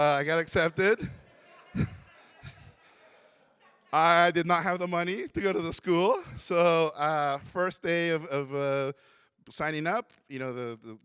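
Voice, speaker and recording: A man from Mexico giving a conference talk, telling his story in an animated way and acting out the voices of others. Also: fairly high pitch, smooth, dry recording, studio quality. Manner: animated storyteller who acts out quotes. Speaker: conference speaker. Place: conference hall.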